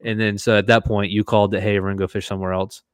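Low-voiced man telling a fishing story. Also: very fast, clear, resonant tone, no room sound, clean studio sound. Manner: animated storyteller, acts out quotes. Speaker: podcast co-host. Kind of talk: casual storytelling chat.

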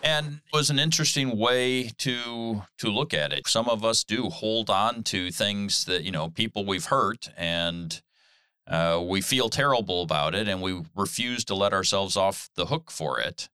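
Slow, deep-voiced man, crisp and dry. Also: pushed and bright, dry recording. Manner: slow, measured, thoughtful. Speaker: podcast co-host. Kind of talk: casual chat.

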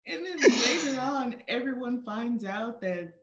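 A woman's voice: a little high, animated, measured pace, slight background noise. A woman guest on a podcast, telling stories in casual chat and laughing as she goes. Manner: chatty, laughing storyteller. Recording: roomy, dull lo-fi sound.

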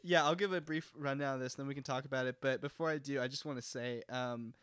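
A young man from Texas talks through a podcast topic in a meandering, swear-filled way, leaning on fillers. His voice is clean and smooth. The recording is dry and close. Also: mid-range voice, steady tone, fast talker, fairly bright tone, no echo. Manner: rambling, profane, lots of fillers. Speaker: podcast co-host. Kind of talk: casual political chat.

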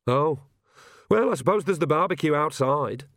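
A sharp-tongued young woman, read by a man, speaks in a flat, deadpan way. Her voice is only slightly lifted from the reader's own, recorded dry and close. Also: fairly high pitch, moderate pace, no echo, voice pushed up.

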